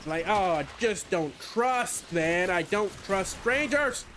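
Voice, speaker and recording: A man's voice: high voice, slow pace. A man streaming a video game, chatting in a rambling, profane, self-deprecating way while he plays. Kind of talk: casual gaming stream chat. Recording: steady background noise.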